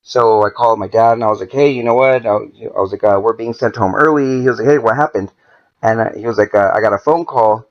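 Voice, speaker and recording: A man's voice: on the low side, quick pace, lo-fi sound. A man, a podcast guest, telling a story in a casual, profane way and acting out the dialogue as he goes. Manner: profane, animated, acts out quoted dialogue.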